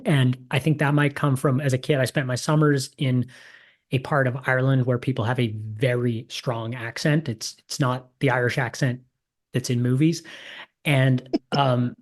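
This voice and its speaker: A man hosts a podcast in a mid-pitched, even voice. He speaks thoughtfully and hesitantly, restarting his sentences as he works through an idea. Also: moderate pace. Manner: thoughtful, hesitant, repeats words. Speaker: podcast host, ghostwriter. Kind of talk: casual interview conversation.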